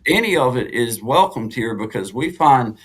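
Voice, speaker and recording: A man co-hosting a casual live stream, rambling and giving shout-outs to viewers. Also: medium pitch, big pitch swings, moderate pace, low-quality recording. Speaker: co-host of a live music and talk stream.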